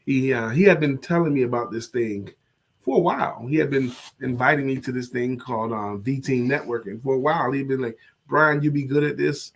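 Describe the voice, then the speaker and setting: A man with a middle-pitched voice co-hosts a casual motivational show. He sounds worn out and low on energy from an illness, and he talks slowly and softly. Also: slight background noise. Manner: slow, tired, soft-spoken. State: sick, low energy, recovering from covid. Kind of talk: casual chat.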